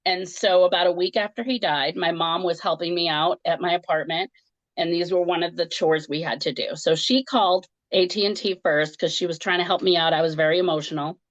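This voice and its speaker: A woman, a comedian and grief counselor, telling a personal story in an animated conversational way. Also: fairly low pitch, a little fast, no room sound, highs cut off. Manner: animated, laughs through a painful story.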